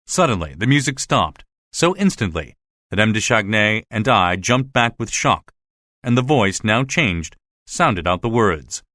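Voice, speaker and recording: A man narrates a classic tale for a graded reader, with dramatic storytelling. His lowish voice swings widely in pitch and sounds bright. The recording is close and dry. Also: big pitch swings, measured pace, no echo. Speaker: audiobook reader.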